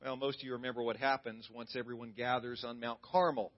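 A man preaching a sermon as a pastor, retelling a story dramatically and swinging from loud to hushed. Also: mid-range voice, level tone, fairly quick, lo-fi sound.

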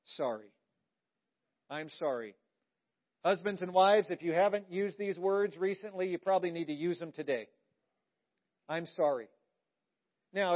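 A male pastor with a fairly high voice delivers a sermon emphatically, hitting key words hard before dropping almost to a hush for intimate lines. The recording is dull and lo-fi, its top end muffled.

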